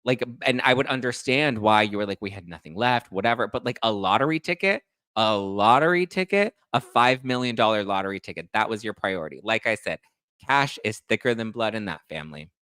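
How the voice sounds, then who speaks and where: A man's voice: lowish voice, lively intonation, a little fast, bright, forceful tone, smooth, no room sound. Man, podcast host, sassy, ranting, plays out both sides of arguments, dry close mic. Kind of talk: heated commentary.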